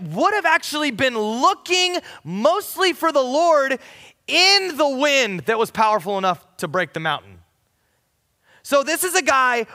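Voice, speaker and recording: A man preaching a casual youth sermon, his voice swinging from loud to hushed. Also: very high-pitched, in a large hall. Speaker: youth pastor.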